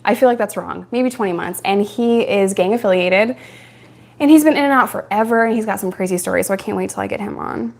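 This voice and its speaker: A woman's voice: mid-range voice, fairly quick, creaky, a little mellow. A young adult woman from New York, hosting a casual live-stream Q&A and telling stories frankly, with frequent laughs. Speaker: live-stream host answering viewer questions.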